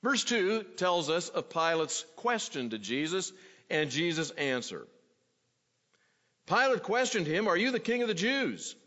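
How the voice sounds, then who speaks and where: A man preaching an expository sermon, teaching at a measured pace and acting out the quoted questions. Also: high voice, very animated, pushed and bright. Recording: dull sound in a reverberant hall.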